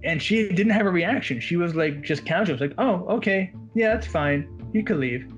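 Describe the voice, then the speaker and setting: A man's voice: sits high, normal speed, muffled recording, soft background music. Chatty man telling a magician's story. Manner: animated, quotes others in his story. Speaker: walk-around magician. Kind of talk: casual storytelling chat.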